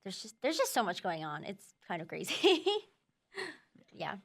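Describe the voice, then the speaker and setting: A woman's voice: medium pitch, big pitch swings, measured pace, gravelly, a bit bright. Chatty young woman from the Midwest. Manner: chatty, full of "like" and "um" fillers. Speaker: student outreach producer. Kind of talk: casual interview chat.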